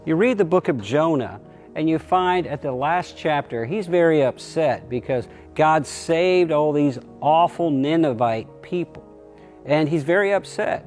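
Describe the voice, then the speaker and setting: A middle-aged pastor giving a short, plainspoken sermon and acting out quoted voices. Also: male voice, lively intonation, unhurried, a little mellow, faint music behind. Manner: acts out quotes with raised pitch.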